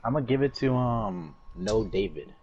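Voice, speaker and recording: A teenage boy hosts a loose chat with friends online. His voice sits low and swings a lot. He pauses and says um often. A dull, lo-fi mic and a little background hiss color the sound. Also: animated, a little mellow. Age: teens. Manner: laid-back, hesitant, lots of ums. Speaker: podcast host. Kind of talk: casual chat over voice call.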